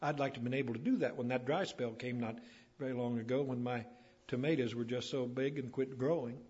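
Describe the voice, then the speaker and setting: A man preaching a sermon, building to emphatic peaks and then dropping low. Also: fairly even intonation, brisk, darkish tone, breathy edge. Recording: dull lo-fi recording.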